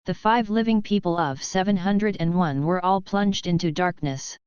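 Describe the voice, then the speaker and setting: A woman reading a novel aloud as an audiobook narrator, in an even, measured way. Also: fairly low pitch, clean tone, no room sound, highs cut off. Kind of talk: scripted narration.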